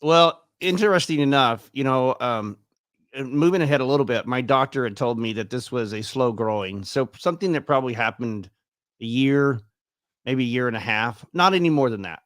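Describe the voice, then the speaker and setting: A man's voice: medium pitch, normal speed, fairly bright tone, no echo, clean studio sound. A man in his fifties telling his own story as an interview guest, chatty and acting out the dialogue he quotes. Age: 50s. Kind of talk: casual personal storytelling.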